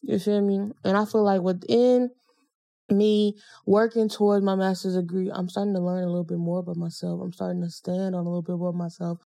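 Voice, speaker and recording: A woman's voice: on the low side, fairly quick, vocal fry, no echo. A young adult woman hosting a podcast in a casual chat, telling stories bluntly with lots of slang. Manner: blunt, slangy, animated storytelling. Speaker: podcast host.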